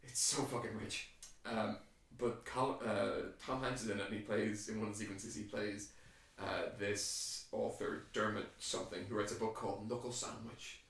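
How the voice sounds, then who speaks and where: A man's voice: on the low side, moderate pace. An Irish man in casual chat, swearing freely and restarting his sentences as he gets worked up. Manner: profane, animated, lots of restarts. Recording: very echoey room, distant mic.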